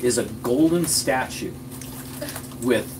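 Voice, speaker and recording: A man narrating a tabletop game as game master, correcting himself as he describes the scene. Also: medium pitch. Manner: halting, self-correcting description. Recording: distant mic, faint background noise.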